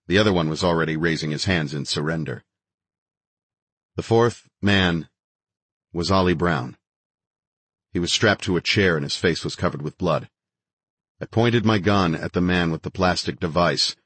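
Deep husky male thriller narrator. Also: moderate pace, long pauses, a bit bright, dry recording. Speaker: audiobook narrator. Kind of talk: first-person thriller narration.

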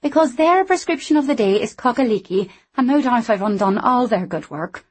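A woman's voice: a little high, expressive, a little fast, slightly rough, pitched above the performer's own voice. A woman doing a cheeky young Scotswoman. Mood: teasing. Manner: bright, teasing, sing-song. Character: lively, cheeky young Scottish woman, playful.

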